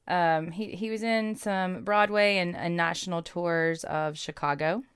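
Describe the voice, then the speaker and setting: A woman's voice: on the low side, steady tone, a little slow, clean tone, dry recording, clean studio sound. A woman co-hosting a podcast, chatting casually about a movie and rattling off an actor's credits. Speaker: podcast co-host.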